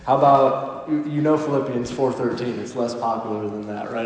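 A man's voice: mid-range voice, a little mellow, a little hiss or hum. Young male preacher in an echoey hall. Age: late 20s. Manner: casual and joking, reads scripture slowly and emphatically. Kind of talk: sermon with scripture reading. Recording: echoey hall with long reverb.

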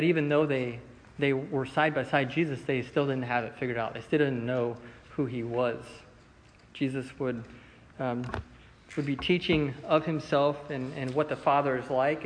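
A man teaching a Bible study class in a relaxed, conversational way, with many fillers and restarts. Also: medium pitch, moderate pace, in a large hall, low-quality recording. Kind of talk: casual Bible lesson.

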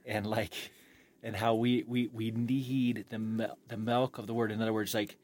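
A man's voice: on the low side, level tone, normal speed, darkish tone. A man co-hosting a church podcast after a sermon, affirming his guest with enthusiasm and asking him questions. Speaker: podcast co-host. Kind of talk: post-sermon podcast discussion.

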